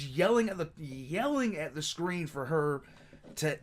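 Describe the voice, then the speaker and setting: A man's voice: a little high, lively intonation, measured pace, a little hiss or hum. Rambling man hosting a reaction video. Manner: rambling, repeats words while searching for them. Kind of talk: casual reaction commentary.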